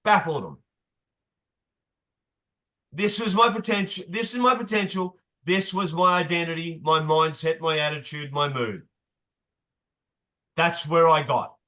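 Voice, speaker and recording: A man's voice: on the high side, measured pace, pauses often, bright, forceful tone. Emphatic man coaching a group. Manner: emphatic, repeats key phrases, swears casually. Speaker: motivational coach. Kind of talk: motivational group session.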